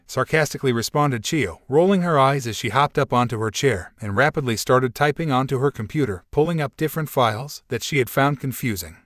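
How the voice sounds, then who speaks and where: A man's voice: medium pitch, fairly quick, hardly any pauses, a bit bright, dry recording. Man reading a story, dry and close. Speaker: narrator. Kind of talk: reading fan fiction aloud.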